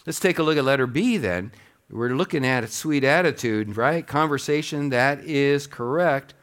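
A man preaching a sermon as pastor, animated, acting out little quoted asides as he teaches. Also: mid-range voice, moderate pace.

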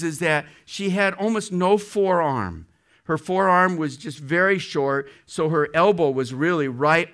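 A man telling a healing testimony in sermon style, rising high and loud when he quotes a prayer.

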